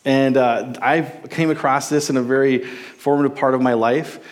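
A fortysomething Bible teacher from Minnesota, with a mid-range voice and fairly even intonation, teaches on a psalm at a moderate pace. He comes across as enthusiastic and conversational, like a casual sermon, with frequent restarts.

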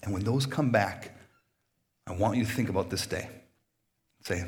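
A man's voice: fairly low pitch, moderate pace, pauses often. A man pastor on a church stage inviting people to be baptized, chatty and joking, laughing often and restarting his sentences. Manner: laughs often between phrases. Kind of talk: casual sermon invitation.

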